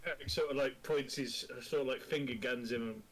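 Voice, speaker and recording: A man's voice: mid-range voice, fairly quick, a bit bright. A man playing a tabletop game, describing his character with laughs and swearing. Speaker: player.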